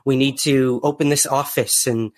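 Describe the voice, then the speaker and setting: Friendly podcast host, halting delivery. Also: male voice, medium pitch, steady tone. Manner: friendly, hesitant with many fillers. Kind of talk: podcast interview.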